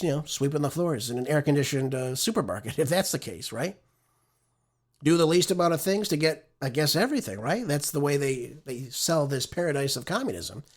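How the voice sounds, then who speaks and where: A male talk show host with a somewhat high-pitched voice, speaking off the cuff in an opinionated, conversational way. He often ends his points with a quick "right?" to pull the listener along. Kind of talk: conversational political commentary.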